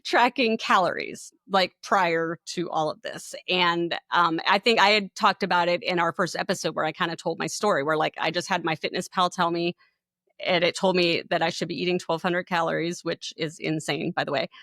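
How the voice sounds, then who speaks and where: A woman podcast co-host telling a personal story in casual chat, animated and laughing as she acts out what people said. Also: lowish voice, moderate pace, no echo, clean studio sound.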